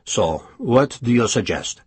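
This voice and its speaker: A male narrator voicing a genial, gentle-mannered French marshal in an audiobook. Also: mid-range voice, animated, a little slow, husky, no room sound.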